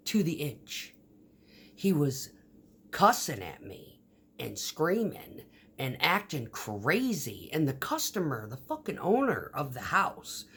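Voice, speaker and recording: A woman's voice: extremely low pitch, breathy edge. A woman vlogger telling stories in a casual, rambling monologue, swearing often, with many fillers and restarts. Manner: profane, storytelling, frequent fillers and restarts.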